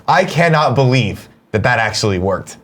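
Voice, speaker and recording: A man hosting a morning talk show, reading viewer tips aloud in a wry, animated way, a little stuffed up. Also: medium pitch, moderate pace. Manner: wry, animated, swears casually. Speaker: host.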